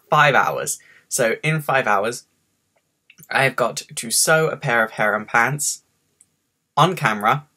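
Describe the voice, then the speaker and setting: A man's voice: mid-range voice, pushed and bright. A man with a faint Scottish accent, stressed and rambling through a casual story about his day on a home webcam vlog. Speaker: vlogger.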